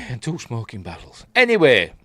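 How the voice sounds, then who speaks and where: A man's voice: on the high side, wildly swooping pitch, a little slow, vocal fry, fairly bright tone, husky, no echo. A man with a Yorkshire accent chatting casually on a live stream, rambling through episode recaps with plenty of fillers and asides.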